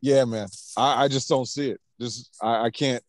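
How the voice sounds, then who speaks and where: A man's voice: medium pitch, fairly even intonation, moderate pace, no echo. A man co-hosting a podcast, talking bluntly and profanely with jokes. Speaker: podcast co-host. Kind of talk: casual chat.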